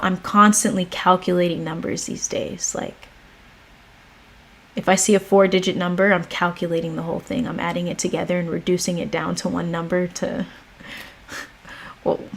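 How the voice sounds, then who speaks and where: A woman's voice: on the low side, creaky. An American woman hosting a livestream, chatting casually and reading a meditation aloud. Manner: relaxed, chatty, slow and drawn out. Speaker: livestream host.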